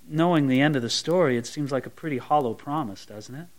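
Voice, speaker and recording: A pastor preaches an expository, verse-by-verse sermon at a fast clip. He swings between soft, low asides and bright, emphatic peaks, sometimes mockingly voicing imagined sweet, gushing prayers.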